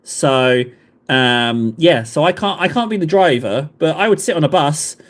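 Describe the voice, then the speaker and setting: A man's voice: on the high side, expressive, measured pace. A man with a southern English accent hosting a livestream, chatting casually to viewers in a rambling, self-mocking, jokey way. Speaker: livestream host. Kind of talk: casual chat to live viewers.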